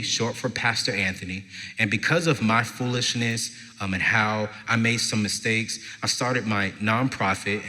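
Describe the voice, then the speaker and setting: A man, a former youth pastor, telling an animated story to an audience and acting out his own reactions, in a large hall with a long reverb. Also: fairly low pitch. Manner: animated, jumps to shouting acted quotes. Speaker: speaker at a parenting event, former youth pastor. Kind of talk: stage storytelling. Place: event stage in a large hall.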